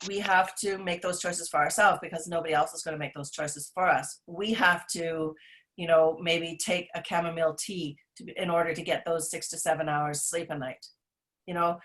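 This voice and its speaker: A middle-aged woman with a somewhat low voice, chatting casually as a podcast co-host. She talks in long, earnest, rambling stretches, circling back with fillers and restarts, like someone on a friendly rant. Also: fairly bright tone. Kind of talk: casual chat.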